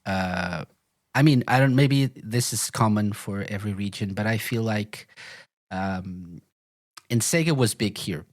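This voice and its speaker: A man's voice: on the low side, unhurried, no echo. A man speaking as a podcast guest in casual chat, hesitant, with fillers and repeated words.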